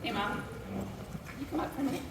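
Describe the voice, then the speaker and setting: A woman acting as emcee at a party, briskly directing guests. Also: high-pitched, heavy background noise. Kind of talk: announcing at a party. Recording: distant hall with loud crowd.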